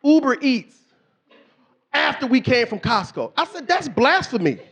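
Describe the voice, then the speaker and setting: This middle-aged stand-up comedian has a very high, creaky voice and takes his time. On the club stage he spins animated stories, voicing each quoted person differently.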